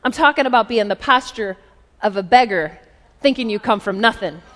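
A woman in her forties preaching a sermon, telling a story in a conversational, lively way with asides. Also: a little high, moderate pace. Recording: long reverb of a large hall.

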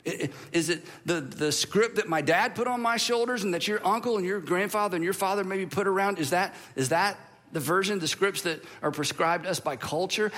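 Man, pastor, lively storytelling sermon, swooping high voice. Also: big-room sound. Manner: animated, playful dramatic storytelling. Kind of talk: humorous sermon.

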